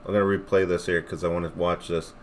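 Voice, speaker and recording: A man hosting a livestream in a loose, rambling rant, full of jokes and swearing. His voice sits a little low. He talks straight to his chat. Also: level tone, fast. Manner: rambling, swears a lot, jokey. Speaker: livestream host.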